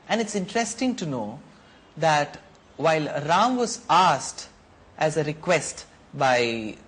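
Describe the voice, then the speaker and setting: A man's voice: a little high, a bit bright. A male storyteller recounts an ancient epic, stopping to explain what the words mean. His delivery is reflective and teacherly, with rhetorical questions to the listener. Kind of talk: narrating a mythological story.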